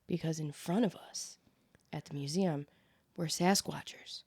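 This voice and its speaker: A woman co-hosting a podcast in casual chat, an animated storyteller who laughs often and swears freely. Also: deep voice, unhurried, breathy edge. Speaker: podcast co-host. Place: rented vacation home.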